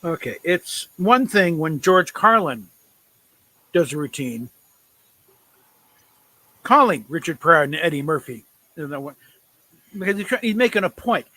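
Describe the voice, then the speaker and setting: Bright-voiced man, sardonic asides. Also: on the high side, big pitch swings, measured pace, pauses often, no room sound, low-quality recording. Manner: reacts with short murmurs, sardonic asides. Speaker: host. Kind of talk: casual commentary chat.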